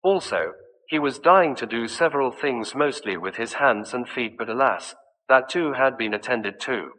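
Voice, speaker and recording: Bright-voiced male audiobook narrator with reverb. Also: medium pitch, lively intonation, normal speed. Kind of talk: scripted narration of a mystery story.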